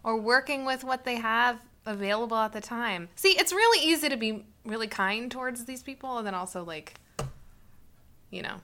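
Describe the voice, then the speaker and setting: A woman co-hosting a podcast, chatting casually and adding wry, expressive comments. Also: on the high side, moderate pace. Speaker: podcast co-host. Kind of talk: casual chat.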